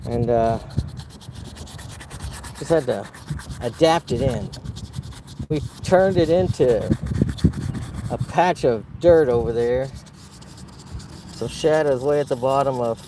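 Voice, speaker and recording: A man's voice: mid-range voice, takes it slowly, long pauses, heavy background noise. A man, painting outdoors and chatting casually to viewers in a playful, rambling, wry way. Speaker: plein air painter. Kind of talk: casual narration while painting. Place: outdoors in a wildflower field.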